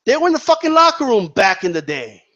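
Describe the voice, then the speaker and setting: Guy with a highish voice ranting on his channel, keeps saying right? okay?, muffled lo-fi audio. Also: very animated, fast talker, fairly bright tone. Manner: heated, repetitive, peppers with "right?" and "okay?". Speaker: boxing commentary channel host. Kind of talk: opinionated commentary monologue.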